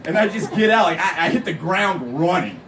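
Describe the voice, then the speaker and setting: Young man, live storyteller, rambling with lots of "like", lively pitch, phone recording from far back. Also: fairly quick, heavy background noise. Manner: rambling, fills with "like" and "literally". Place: live show venue. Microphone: phone camera from the audience.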